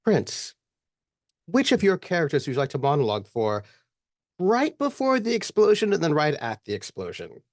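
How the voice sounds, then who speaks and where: A woman's voice: deep voice, sing-song, normal speed, a little mellow, no echo, studio quality. A woman facilitating a tabletop role-playing game, playful and full of affirming murmurs.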